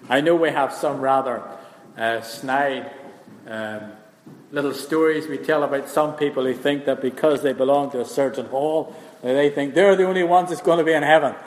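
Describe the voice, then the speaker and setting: An older man preaching a sermon, emphatic, repeating key phrases and slowing down to stress them. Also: medium pitch. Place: church hall. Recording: echoey hall with long reverb.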